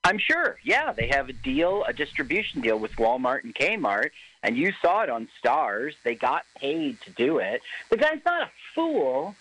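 Male co-host, mid pitch, very lively intonation, rambling casual chat. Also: a little slow, poor audio. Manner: animated, rambling, laughs often. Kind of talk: casual chat about movies. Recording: internet radio talk show.

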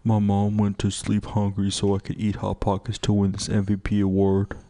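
Man doing a whiny basketball star, drawling, mock-tearful, low voice, dry sound. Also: completely flat delivery, moderate pace, mellow, no room sound, natural voice.

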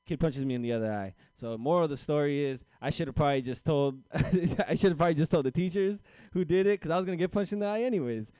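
Smooth-voiced young male stand-up comic. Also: medium pitch, a little fast, mellow, no room sound. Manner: storytelling, loose and self-deprecating with acted voices. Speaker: stand-up comedian. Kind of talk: stand-up set at an open mic.

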